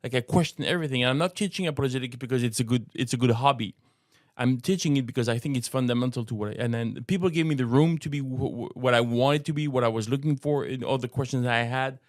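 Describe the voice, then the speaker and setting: A man's voice: medium pitch, quick pace, no room sound, clean studio sound. Earnest French-accented man. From France. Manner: earnest, repeats words while searching for phrasing. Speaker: co-host, apologetics teacher. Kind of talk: casual podcast discussion.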